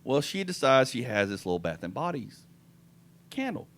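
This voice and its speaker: A middle-aged man tells a funny story on his podcast. His pitch swings widely as he acts out what people said, and he breaks into laughter often. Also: moderate pace. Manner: animated, laughs often, acts out quoted lines. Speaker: podcast host. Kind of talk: casual comedic storytelling.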